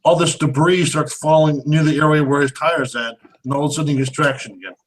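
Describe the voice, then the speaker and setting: A man's voice: fairly high pitch, steady tone, quick pace, low-quality recording. A man co-hosting a casual movie review, amused and rambling, often restarting his sentences. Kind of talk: casual chat.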